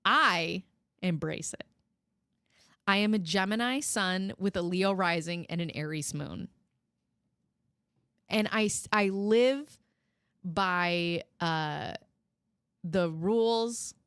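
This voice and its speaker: A woman hosting a casual chat show, telling animated stories, mimicking people in high, raised voices and swearing freely. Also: slow pace, pauses often, smooth, dry recording, clean studio sound. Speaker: host.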